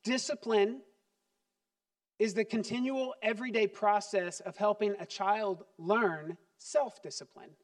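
A man preaching a sermon as pastor, animated and acting out little scenes. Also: high voice, measured pace. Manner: animated, acts out parent and child voices.

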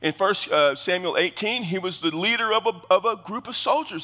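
A man in his fifties preaching a sermon as pastor, in a lively, joking, conversational way. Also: sits high, brisk, long reverb tail. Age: 50s.

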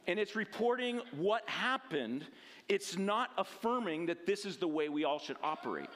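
A man giving a casual, animated Bible lesson, often checking in with tag questions and restarting his sentences. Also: high-pitched, moderate pace, a little hiss or hum. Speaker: Bible teacher. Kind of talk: conversational Bible teaching.

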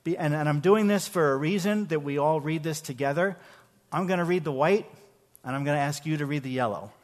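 A man's voice: on the high side, a little fast. A man with a somewhat raised voice preaches a sermon in a church sanctuary. He keeps a conversational tone, often repeats the first word of a phrase, and asks his congregation questions. A long hall reverb trails behind every word. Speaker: pastor.

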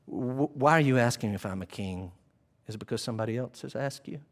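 A man preaching, voicing a calm, authoritative king who answers his questioner in a low, measured way. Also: lightly acted.

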